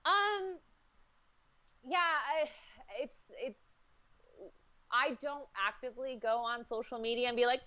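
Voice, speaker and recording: A woman's voice: high-pitched, a little slow, long pauses, sharp tone, no room sound. A woman, a guest speaking in casual chat over a video call. She talks easily, with many fillers and frequent laughs. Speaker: comics editor, guest. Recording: dry, slightly dull sound.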